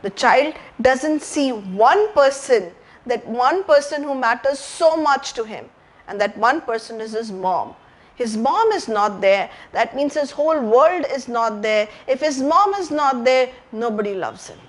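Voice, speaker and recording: High-voiced woman giving a health talk. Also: lively intonation, measured pace. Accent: Indian English. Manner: storytelling, repeats phrases, asks audience questions. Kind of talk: live educational talk. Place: library talk room.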